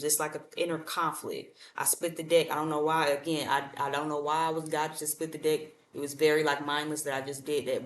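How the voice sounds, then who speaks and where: A woman giving a casual tarot reading, speaking bluntly and colloquially, repeating herself and addressing viewers directly. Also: sits low. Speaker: tarot reader. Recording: echoey room, far from mic.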